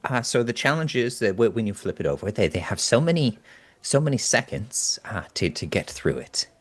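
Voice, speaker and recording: A nervous little booth keeper, played by a tabletop player, tripping over every word and repeating himself before he gets a sentence out. The pitch wanders widely as the nerves show, at a middling height. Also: big pitch swings, moderate pace. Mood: hesitant. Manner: stutters, repeats words, hesitant. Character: timid stammering small puzzle-booth keeper named Rote. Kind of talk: playing a character in a tabletop game.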